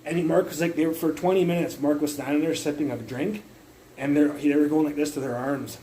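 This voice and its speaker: A man's voice: on the high side, a little fast, a little hiss or hum, poor audio. A young man telling a rambling, profane story in a casual livestream from his phone. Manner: rambling, profane, animated retelling.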